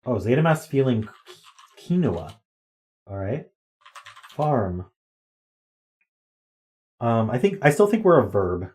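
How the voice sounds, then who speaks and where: A man's voice: medium pitch, very animated, slow pace, pauses often, a little mellow. A man streaming live, chatting casually as he works through word games and thinks aloud with ums and guesses. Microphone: desk microphone.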